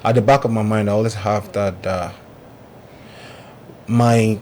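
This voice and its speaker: A man hosting a casual podcast conversation about faith, speaking in a reflective, measured way. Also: fairly low pitch, steady tone, darkish tone, a little hiss or hum. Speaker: podcast host.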